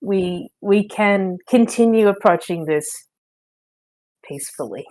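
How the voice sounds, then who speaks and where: A woman's voice: medium pitch, lively intonation, takes it slowly, darkish tone, poor audio. A woman player at a tabletop game, hesitant with lots of fillers. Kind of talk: tabletop play.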